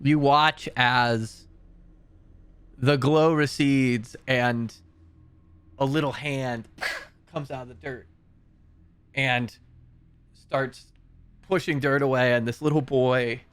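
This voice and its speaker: A young man runs a tabletop game, narrating in slow, unhurried, halting phrases. His voice is clear and smooth. It sounds close and dry, with no room sound. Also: medium pitch, steady tone, fairly bright tone, no echo. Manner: slow, hesitant narration with fillers. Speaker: game master.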